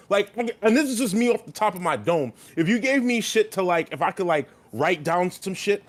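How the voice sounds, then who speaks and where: A man's voice: high voice, expressive, normal speed, few pauses. A young man co-hosting a podcast in casual, profane chat, rambling and getting heated when riled up. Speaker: podcast co-host and streamer.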